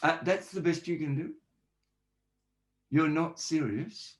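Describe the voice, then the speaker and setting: A man's voice: on the high side, slow pace. Man explaining, acting out sample questions. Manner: explanatory, lists examples and acts out sample questions. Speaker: guest, forensic linguist. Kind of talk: podcast interview answers.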